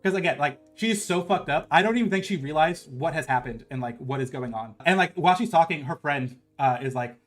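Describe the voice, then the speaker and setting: Fast-talking young man rambling. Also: fairly high pitch, animated. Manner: rambling, heavy on filler words and swearing. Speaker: streamer. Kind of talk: casual storytelling.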